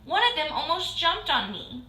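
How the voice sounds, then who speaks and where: Woman doing a shrill frightened housewife. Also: very animated, moderate pace, pushed and bright, heavily acted. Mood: alarmed. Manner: shrill and agitated. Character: excitable frightened human housewife. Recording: roomy echo.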